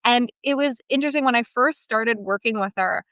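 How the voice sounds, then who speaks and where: A woman speaks on a podcast with a smooth, resonant voice. She tells heartfelt, rambling stories, restarting her sentences as she goes. The recording is close and dry. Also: fairly high pitch, a little fast, fairly bright tone, no echo. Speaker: guest, team member of a dressage education business. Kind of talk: casual podcast interview storytelling.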